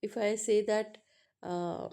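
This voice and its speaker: A woman teaching a lesson on word stress, pausing often with fillers and asking "right?" to check understanding. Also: medium pitch, fairly even intonation, mellow. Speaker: English teacher. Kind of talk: spoken lecture on pronunciation.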